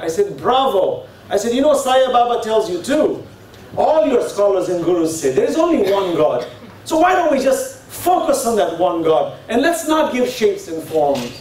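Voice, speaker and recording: Animated man preaching in an echoey hall. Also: high voice. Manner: animated storytelling, acting out dialogues. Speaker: religious lecturer. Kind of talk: religious lecture. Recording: very echoey hall, speaker far from mic, faint hiss.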